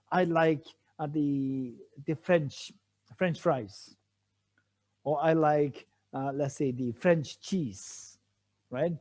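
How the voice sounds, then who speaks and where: A man's voice: a little high, warm tone. A man giving a Buddhist teaching, explaining a text patiently. He repeats key phrases and asks rhetorical questions. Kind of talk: teaching a sutra commentary.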